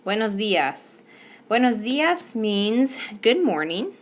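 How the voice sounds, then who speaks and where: A woman's voice: a little high, big pitch swings, slow pace. A woman teacher explaining a recorded whiteboard lesson patiently, with some fillers. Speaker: Spanish teacher. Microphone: tablet microphone.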